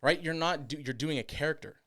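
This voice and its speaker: A young man co-hosting a casual podcast chat, telling animated stories and slipping into mock voices. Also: a little high, fast, no room sound, studio quality. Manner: animated storytelling, slips into mock accents and voices. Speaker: podcast co-host.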